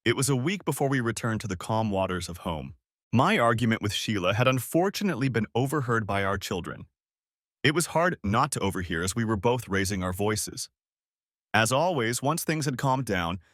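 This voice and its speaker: A man's voice: lowish voice, lively intonation, a little fast, fairly bright tone, no echo, clean studio sound. A man narrating a first-person story as an audiobook, telling it expressively.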